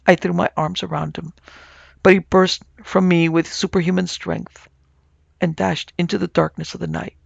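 A man narrating a ghost story for an audiobook in a measured, even-toned way. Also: sits high, gravelly, no echo, dull audio. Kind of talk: scripted narration.

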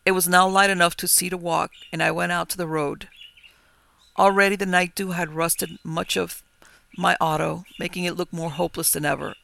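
A man narrating a ghost story in a measured, old-fashioned storytelling manner. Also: high voice, level tone, vocal fry, bright, forceful tone.

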